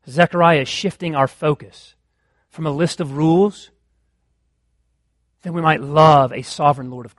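High-voiced impassioned male pastor. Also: no echo, clean studio sound. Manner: impassioned preaching, rising to loud exclamations. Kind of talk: sermon.

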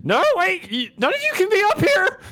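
A man voicing a panicked young man in robes who yells in a strained high voice. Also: huge pitch swings, normal speed, full character voice. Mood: frantic. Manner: frantic, shouting in a high strained voice.

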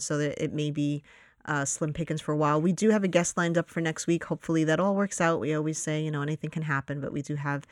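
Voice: medium pitch, clear, resonant tone, no room sound. Podcast cohost just chatting, rambly, does little voices for own reactions, dry close sound. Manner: rambling, acts out own reactions in quoted asides. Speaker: podcast co-host. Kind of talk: casual chat.

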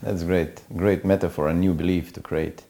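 Deep, gravelly, husky male interviewer. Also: flat delivery, moderate pace, warm tone. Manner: brief backchannels and short questions. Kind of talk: casual interview.

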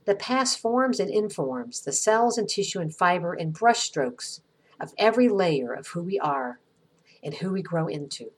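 Husky, earnest woman podcast host. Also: fairly low pitch. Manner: gentle, earnest, reflective delivery with slow pauses. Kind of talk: scripted inspirational narration.

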